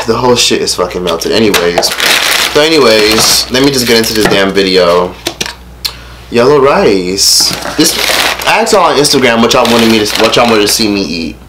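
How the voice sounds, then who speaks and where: A man in his late teens telling a story over a casual mukbang meal at home. He rants in a profane, animated way and eats between sentences. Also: lowish voice, normal speed, heavy background noise. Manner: eating while talking. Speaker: vlogger. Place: his rented room at home.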